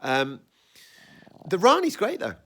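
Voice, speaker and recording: Animated man reviewing TV. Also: high-pitched, slow pace. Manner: animated, rambling, self-interrupting. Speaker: podcast host. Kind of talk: casual review chat.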